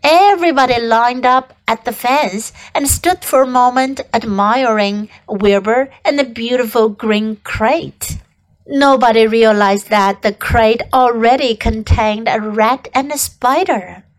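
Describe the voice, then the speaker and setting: A woman teacher reading a classic children's story aloud for learners, with clear, expressive narration. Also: fairly high pitch, measured pace, low-quality recording.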